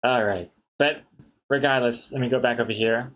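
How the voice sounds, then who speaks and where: A man's voice: medium pitch, normal speed, a bit bright. A man chatting casually on a live stream, reading viewer messages aloud and joking with the chat. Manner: chatty, reads chat aloud, laughs at jokes. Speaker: comic artist streamer.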